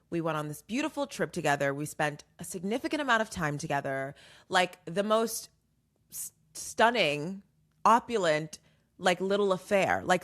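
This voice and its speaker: A young woman hosting a podcast, giving casual dating advice in an animated, emphatic way and repeating points for effect. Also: fairly low pitch. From New York. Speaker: podcast host.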